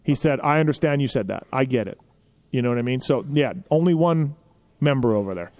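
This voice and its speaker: A man hosting a podcast, telling stories in a casual, animated way with lots of filler phrases. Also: mid-range voice, a little fast. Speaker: podcast host.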